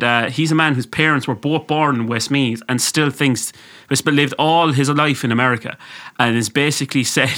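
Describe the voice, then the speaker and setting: A man's voice: medium pitch, sharp tone. A young man co-hosting a casual podcast, swearing freely and laughing as he talks. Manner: swears freely, laughs through his reading. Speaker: podcast co-host.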